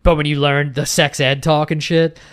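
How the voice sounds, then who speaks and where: A man's voice: on the high side, flat delivery, moderate pace, clear, resonant tone. A young man co-hosting a podcast in casual chat, rambling with lots of fillers, restarts and swearing. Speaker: podcast co-host.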